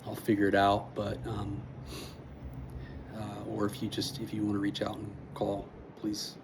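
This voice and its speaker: Halting, emotional man with flat voice. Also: fairly low pitch, noisy background. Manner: halting, many pauses and fillers. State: emotional, near tears. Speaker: vlogger sharing personal news. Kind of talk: emotional personal address.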